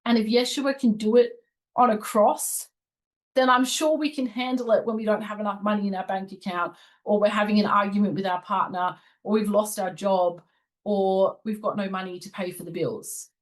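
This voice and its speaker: A woman's voice: mid-range voice, fairly even intonation, moderate pace, poor audio. A woman hosting a spiritual channel, giving casual commentary and sharing personal stories in an earnest, confiding way.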